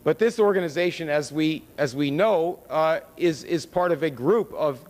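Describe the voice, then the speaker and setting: A fairly high-voiced American man speaks at a conference with a casual, sardonic delivery and pointed rhetorical questions. His voice rings with the long reverb of a large hall. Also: normal speed, darkish tone. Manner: conversational and sardonic, with wry asides and rhetorical questions. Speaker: conference lecturer. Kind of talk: public lecture with slides.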